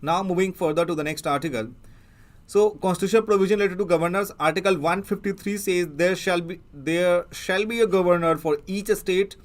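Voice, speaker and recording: A man with an Indian English accent teaching an exam prep lesson, explaining as he goes and pausing often with fillers and restarts. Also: high-pitched. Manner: halting, many fillers and restarts. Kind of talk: newspaper analysis lecture.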